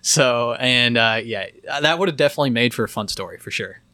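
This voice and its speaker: A man's voice: medium pitch, dry recording. Dry-sounding young man telling a story. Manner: animated, fast storytelling with lots of quoting. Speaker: podcast co-host. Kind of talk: casual storytelling chat.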